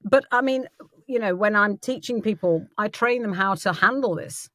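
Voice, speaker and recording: A woman's voice: mid-range voice, moderate pace, fairly bright tone, dry recording, clean studio sound. A woman hosting an interview and coaching voice actors, encouraging her guest and laughing along. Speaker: host and voice coach. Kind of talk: interview chat.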